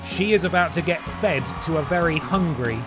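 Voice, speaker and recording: Streamer joking through wrestling commentary. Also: male voice, fairly high pitch, lively intonation, fairly quick, music in the background. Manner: jokey mock-announcer delivery with asides. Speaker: gaming streamer. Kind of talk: playful wrestling commentary over gameplay.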